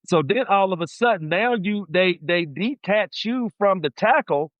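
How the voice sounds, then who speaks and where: A man guest on a podcast, telling football stories in a lively, rambling way with many "you know"s. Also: sits high, measured pace, dry recording, muffled recording. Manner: storytelling, animated, frequent restarts and "you know". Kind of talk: casual chat.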